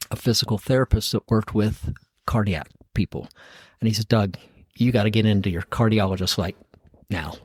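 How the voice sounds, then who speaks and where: A man's voice: lowish voice, husky, dry recording. A middle-aged man, a podcast guest, tells his own story in casual talk, acting out the voices of the people in it and chuckling at himself.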